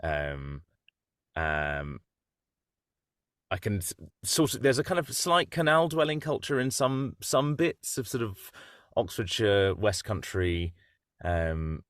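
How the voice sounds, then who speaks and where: A man, a voice actor guest, talking slowly and hesitantly in a casual interview. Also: lowish voice, sing-song, dry recording, clean studio sound. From United Kingdom. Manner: slow, hesitant, thoughtful.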